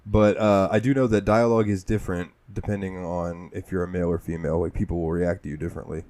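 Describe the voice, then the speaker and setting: Deep, mellow-voiced man on a gaming podcast. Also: little pitch movement, quick pace, no echo. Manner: laughs often, acts out game characters in quoted voices. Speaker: podcast co-host. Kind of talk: casual gaming podcast chat.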